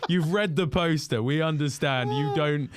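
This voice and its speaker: A young man, a podcast guest and impressionist telling animated anecdotes with many restarts. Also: fairly high pitch, normal speed, noisy background. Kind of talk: casual storytelling.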